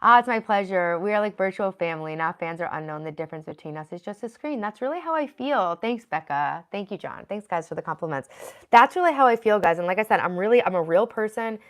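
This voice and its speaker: A woman's voice: medium pitch, expressive, quick pace. A woman in her thirties streaming live from her home office, chatting casually and earnestly with viewers and thanking them by name. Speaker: live streamer reading chat. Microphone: computer at her desk.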